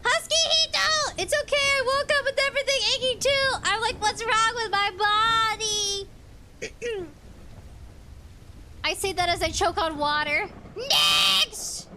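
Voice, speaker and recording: A woman's voice: very high voice, unhurried, pauses often, very noisy. A woman live-streaming a game in casual chat, giggling as she reads chat messages and game text aloud. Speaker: VTuber streamer.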